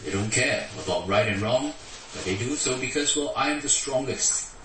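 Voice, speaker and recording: A man's voice: normal speed, slight background noise. A man preaching a sermon, acting out the quoted words in a raised voice. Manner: animated, acts out quotes with raised pitch. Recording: echoey hall from far off.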